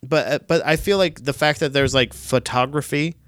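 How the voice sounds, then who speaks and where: A man's voice: a little high, fairly even intonation, normal speed, no echo. Guy rambling about stuff, swears a lot, keeps restarting, dead dry mic. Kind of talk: casual chat.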